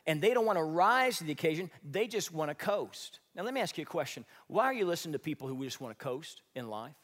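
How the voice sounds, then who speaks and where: A man's voice: sits high, a bit bright, long reverb tail. A man preaching a sermon, emphatic and full of rhetorical questions. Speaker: pastor.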